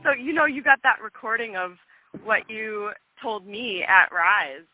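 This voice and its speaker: A woman hosting a podcast interview, excitable and quick to laugh. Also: medium pitch, phone-quality sound, music in the background. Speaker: podcast host. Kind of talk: casual interview.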